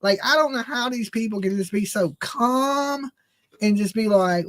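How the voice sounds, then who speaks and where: A man's voice: very high voice, animated, measured pace. A middle-aged man hosting a casual livestream, blunt and opinionated, talking straight to his chat. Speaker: true crime livestream host.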